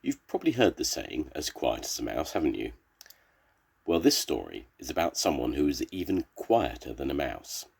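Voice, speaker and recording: Older man reading a kids' story, deep husky voice, lively pitch. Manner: slow, expressive storybook reading. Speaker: storyteller grandfather. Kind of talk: reading a children's story aloud.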